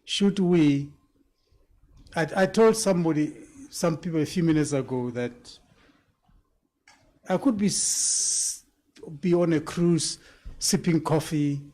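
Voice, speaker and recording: Slow, deliberate man. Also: fairly high pitch, a little mellow. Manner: deliberate and emphatic, with repeated words. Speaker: panel speaker at a public event. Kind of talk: panel discussion answer.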